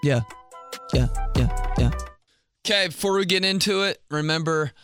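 A man's voice: sits high, brisk, a bit bright, soft background music. A man in his twenties hosting a podcast in casual comedic chat, laughing often and slipping into voices. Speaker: podcast host.

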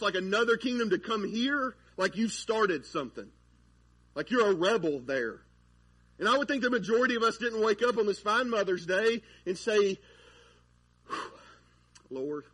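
A man's voice: fairly high pitch, a bit bright, breathy edge. A man preaching a sermon in a church, in a casual, conversational way with lots of fillers. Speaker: pastor. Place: church sanctuary.

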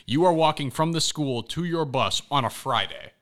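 A young man co-hosting a casual podcast, telling animated stories and ranting with lots of "like" and "bro". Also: a little high, moderate pace. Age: young adult. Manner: animated storyteller, rants with "bro" and "like". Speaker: podcast co-host. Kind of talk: casual chat.

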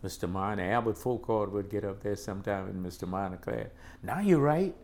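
An older man from the South, recounting school memories as an animated storyteller who keeps saying "boy" and "man". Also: low-pitched, a little fast, vocal fry. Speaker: interviewee recalling school days. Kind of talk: casual storytelling interview.

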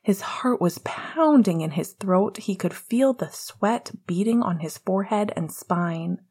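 A woman reading a story aloud as a whispered role-play, soft and hushed. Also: mid-range voice, lively intonation, unhurried, slightly rough. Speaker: audiobook reader.

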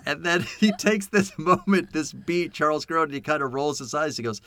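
A man co-hosting a podcast in casual chat, animated and laughing often as he acts out movie lines. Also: fairly high pitch, moderate pace. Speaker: podcast co-host. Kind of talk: casual chat about a film.

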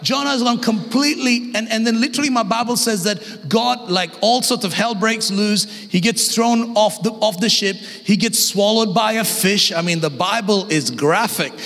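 An energetic Australian pastor with a high voice and a gravelly edge. He preaches with humor and rising shouts. His voice carries a long reverb from a church hall. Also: moderate pace, few pauses. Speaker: guest pastor. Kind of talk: lively sermon.

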